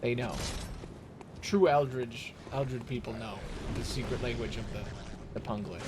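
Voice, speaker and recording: A man's voice: medium pitch, measured pace. A man streaming a video game, rambling jokily and getting exasperated at a boss he cannot beat. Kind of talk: casual gameplay commentary. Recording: audible background noise.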